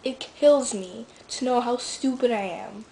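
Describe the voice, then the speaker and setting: A woman's voice: a little high, measured pace, warm tone, a little hiss or hum, low-quality recording. Rambling teenage girl, fillers and restarts. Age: teens. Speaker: vlogger. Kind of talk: casual rambling vlog.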